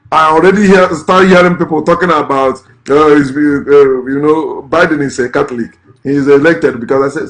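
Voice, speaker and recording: A man, a vlogger giving ranting, scornful political commentary in a blunt way. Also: on the high side. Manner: blunt, scornful, repeats curses.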